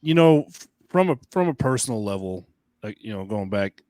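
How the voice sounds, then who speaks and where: Middle-aged man, podcast co-host, low voice, emphatic and halting, dry close sound. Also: lively intonation, warm tone, no echo. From Long Island, New York. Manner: emphatic, halting, repeats himself. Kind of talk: casual podcast chat.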